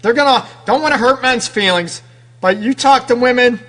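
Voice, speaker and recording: A man's voice: very high-pitched, moderate pace, fairly bright tone. A man hosting a radio advice show as a relationship counselor, talking directly to women listeners with lots of rhetorical questions. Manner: direct, conversational, keeps addressing women listeners; frequent rhetorical questions and tag "right?".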